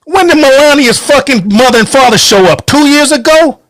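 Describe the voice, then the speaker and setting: Angry high-voiced man ranting, dry sound. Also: lively intonation, normal speed, fairly bright tone, no echo. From United States. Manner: heated, profane, emphatic ranting. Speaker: podcast host. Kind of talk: angry political monologue.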